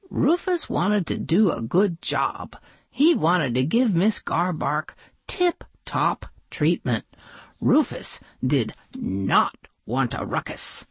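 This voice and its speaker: A woman narrating a children's picture book aloud with gentle, expressive storytelling. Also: sits low, slow pace, husky, no room sound.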